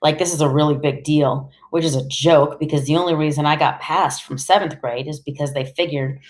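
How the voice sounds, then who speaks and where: A woman narrating an audiobook in the first person, with a deadpan, wry delivery. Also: deep voice, fairly quick.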